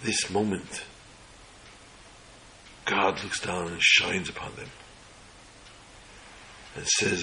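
A man with a very deep voice tells an inspirational religious story. His tone is bright and forceful, and he delivers it in slow, measured phrases. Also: little pitch movement, a little hiss or hum, low-quality recording.

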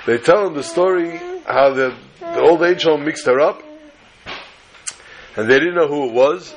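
A man telling a story to a class in a lively way, repeating phrases and mixing in Yiddish and Hebrew terms. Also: on the high side, normal speed, pauses often, lo-fi sound, slight background noise.

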